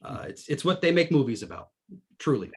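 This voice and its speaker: A man's voice: medium pitch, very animated, a little fast, a little mellow, slightly rough. A man hosting a casual panel chat, joking and steering the talk. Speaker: host.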